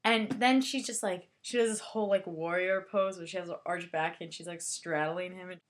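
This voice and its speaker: A young woman talks through her take on a book and its film in a loose, excitable ramble, full of fillers and asides. Her voice sits a little on the low side for a woman. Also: moderate pace. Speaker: book reviewer. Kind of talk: casual book and movie review.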